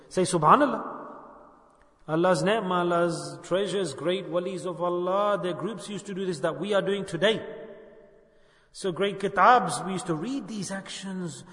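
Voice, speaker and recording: An older man, a shaykh leading a dhikr gathering, gives an informal sermon, repeatedly putting questions to his listeners with light humor. His high voice is fairly bright and moderately paced, echoing through a hall with long reverb.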